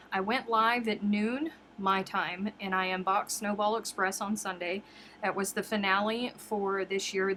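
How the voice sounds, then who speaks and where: A woman in a mid-range voice hosts a relaxed craft livestream, greeting her viewers and chatting warmly about her week. She rambles, repeats herself and laughs easily, and a faint room hum sits under her voice. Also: mid-range voice. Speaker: crochet livestream host. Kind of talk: casual live-stream chat.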